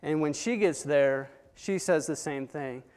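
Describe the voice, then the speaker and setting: A fairly high-voiced man preaching a sermon, telling the story with dramatic swings from hushed to loud. His voice rings with long reverb, as if in a large hall. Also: measured pace, clean tone. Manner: dramatic retelling with swings between soft and loud.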